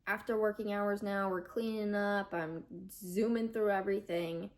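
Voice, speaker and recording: A woman's voice: medium pitch, steady tone, moderate pace. Emotional young woman telling a story. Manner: emotional, voice rising as she nears tears; chatty, many fillers like "like". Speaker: vlogger. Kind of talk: personal storytelling vlog.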